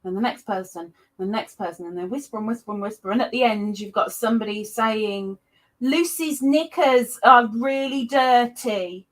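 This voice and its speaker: A woman hosting a casual livestream chat, greeting viewers by name with excited jumps in her voice. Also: mid-range voice, a little fast, hardly any pauses. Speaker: livestream host.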